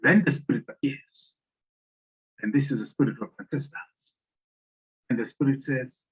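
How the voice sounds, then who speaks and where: Halting man telling a folk tale. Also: mid-range voice, slightly rough. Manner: halting, full of fillers and pauses. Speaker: speaker on African philosophy. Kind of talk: storytelling lecture. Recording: muffled lo-fi audio.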